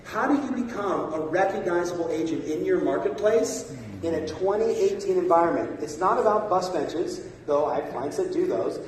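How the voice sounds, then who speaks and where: Energetic male seminar speaker, echoey hall. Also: high-pitched, slight background noise. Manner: energetic, rapid, coaxing the audience. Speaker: sales coach speaker. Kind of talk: motivational seminar talk. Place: large conference hall. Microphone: far from a phone camera in the audience. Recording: echoey hall recorded from far off.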